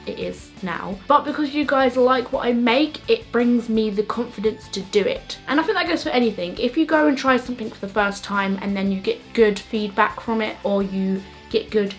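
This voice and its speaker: A woman's voice: on the high side, faint music behind. Chatty woman vlogging. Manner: chatty and self-mocking, with quick joking asides. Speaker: YouTuber answering viewer questions. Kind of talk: casual Q&A vlog to camera.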